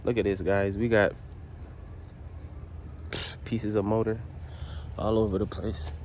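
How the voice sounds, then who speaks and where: A man's voice: lowish voice, level tone, slow pace, a little mellow, a little hiss or hum. A man from the Virgin Islands telling a rambling, slangy story in a casual vlog while working in his garage. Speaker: motorcycle builder. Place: home garage.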